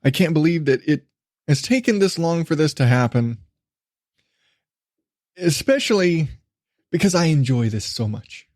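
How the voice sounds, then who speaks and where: A man's voice: a little high, animated, unhurried, pauses often, darkish tone, dry recording, studio quality. A man in his thirties hosting a solo podcast, rambling in a hyper, laughing way with lots of restarts. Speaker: podcast host.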